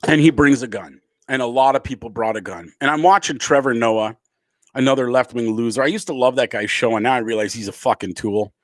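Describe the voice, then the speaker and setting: A man's voice: medium pitch, a little fast, no echo. Angry ranting man, dry close sound. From Canada. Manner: angry, emphatic, swearing freely. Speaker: comedian. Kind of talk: profane political rant to camera.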